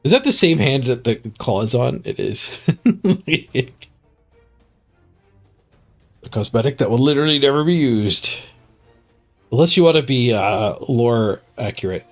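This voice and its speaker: A man's voice: mid-range voice, lively intonation, measured pace, long pauses, soft background music. A man streaming a game, reading stats and musing casually to himself, a bit stuffed up. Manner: muttering to himself, chuckling at stats. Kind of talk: casual gameplay commentary.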